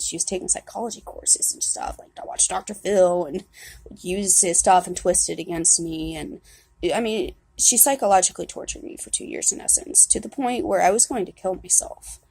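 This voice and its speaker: Young woman, husky and gravelly, halting candid confessional delivery, dry close mic. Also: on the low side, darkish tone, no room sound. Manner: candid, halting, swears often, many restarts. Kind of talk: personal confessional vlog.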